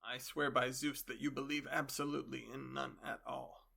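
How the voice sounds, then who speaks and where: A man's voice: medium pitch, level tone, moderate pace, vocal fry, pushed and bright, slightly rough, exaggerated voice. A man voicing a reckless young male accuser who gives curt, insistent answers.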